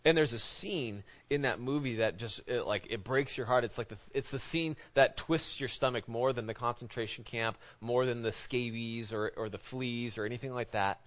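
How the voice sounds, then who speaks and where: A man's voice: medium pitch, fairly bright tone. Man preaching casually, lo-fi sound. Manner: informal, halting, often asks "right?". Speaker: pastor. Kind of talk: conversational sermon. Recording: dull lo-fi recording.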